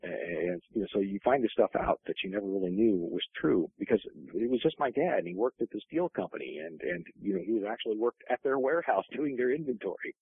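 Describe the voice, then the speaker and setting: A man's voice: mid-range voice, big pitch swings, fast, vocal fry, hardly any pauses, slightly rough, no room sound. A man telling family stories in a casual interview, rambling with many restarts and fillers. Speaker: guest author. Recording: tinny phone-line audio.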